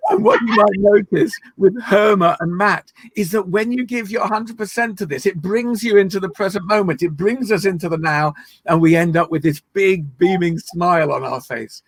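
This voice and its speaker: A man leading an online laughter yoga session, playful and encouraging, breaking into laughs and shouts. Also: high-pitched, normal speed, breathy edge, no echo. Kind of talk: guided online laughter exercise. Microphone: video call.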